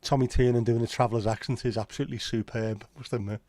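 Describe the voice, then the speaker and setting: Mellow-voiced Liverpool man chatting. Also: mid-range voice, fairly even intonation, fast talker. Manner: rambling, sweary, opinionated. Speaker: livestream host. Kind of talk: casual chat.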